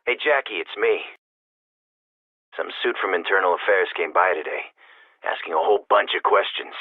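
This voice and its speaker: An actor playing men leaving phone messages in a video game, heard through a telephone effect. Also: male voice, deep voice, normal speed, husky, dry recording. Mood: earnest. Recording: tinny phone line.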